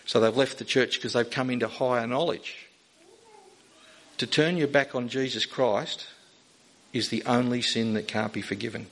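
A man delivering a sermon from the pulpit. He speaks earnestly at a middle pitch, pressing his listeners with rising, emphatic questions. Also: fairly even intonation, moderate pace, fairly bright tone, poor audio. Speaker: pastor.

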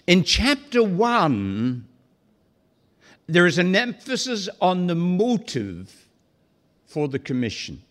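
Slow, emphatic, high-voiced male preacher. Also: very animated, a bit bright. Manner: deliberate, emphatic, slows for key phrases. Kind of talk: expository sermon.

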